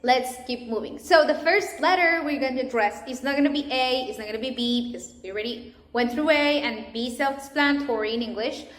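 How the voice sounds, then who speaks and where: A woman's voice: high-pitched, fairly quick. A woman with a Spanish accent, a native Spanish speaker teaching a pronunciation lesson, spelling out letters and example words with care. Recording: echoey room.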